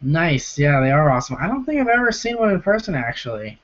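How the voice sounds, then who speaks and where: Young male streamer, hoarse and sore-throated, chatty Q&A host, dull lo-fi stream audio. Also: a little high, big pitch swings, fast, fairly bright tone. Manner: chatty, reads viewer comments aloud and answers them. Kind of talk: casual live-stream Q&A.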